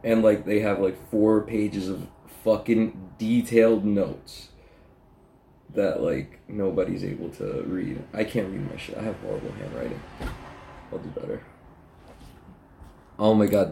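A man with a fairly low, mellow voice rambles through a loose podcast monologue. He swears constantly and pokes fun at himself in an easy, unfiltered way. The audio is poor, recorded in his own messy room. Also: measured pace, gravelly. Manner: profane, rambling, self-mocking. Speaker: podcast host.

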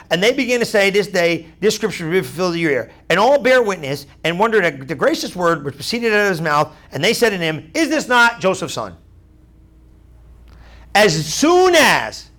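A man with a notably high voice delivers a sermon. He talks casually and with energy, repeats his points and acts out the voices of doubters. He often checks that his listeners understand. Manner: animated, conversational, acts out crowd voices; repeats phrases, asks "you understand?". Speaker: preacher.

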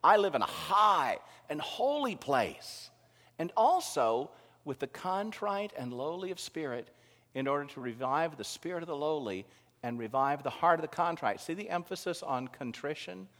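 Pastor, male, lively swooping delivery, heard in a long-reverb hall. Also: mid-range voice. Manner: animated preaching, rising to loud emphasis. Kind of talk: sermon.

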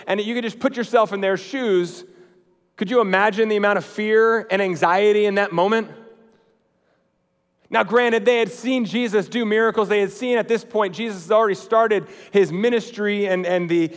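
A man preaching a sermon in a conversational way, swinging between emphatic lines and quiet, slow, hushed ones. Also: high voice, big-room sound. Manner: conversational, with fillers and restarts.

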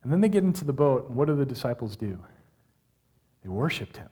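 A man preaching to a live audience, reading scripture and explaining it in a lively, conversational way with questions to the listeners. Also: medium pitch, a little fast, slightly rough. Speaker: pastor.

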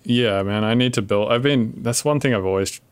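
A man hosting a podcast in relaxed conversation, laughing often and swearing casually. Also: medium pitch, a little fast, smooth, no echo. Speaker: podcast host.

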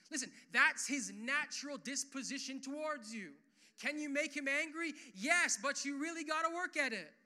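A young pastor delivers a sermon to his church in a casual, chatty, animated style, dropping "like" and "uh" between thoughts. His voice is high for a man, very bright and forceful, and it swells louder and higher on key points. He speaks at a moderate pace.

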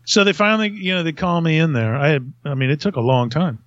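A man's voice: a little high, animated, fast talker, dry recording, lo-fi sound. A middle-aged man hosting a podcast, telling a rambling, self-mocking story in a casual way and laughing at himself. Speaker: podcast host.

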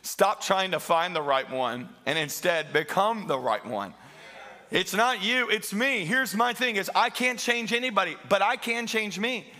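A man's voice: high voice, animated, unhurried, pushed and bright. A middle-aged man preaching a sermon as pastor, emphatic and repeating phrases for stress.

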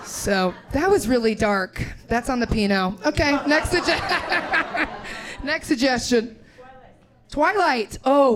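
A woman's voice: high-pitched, animated, takes it slowly. Young woman comic from Indiana, brash crowd work, live club mic with a roaring audience. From Indiana, USA. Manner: brash, crude, laughing, riffing with audience. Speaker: stand-up comedian. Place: comedy club stage.

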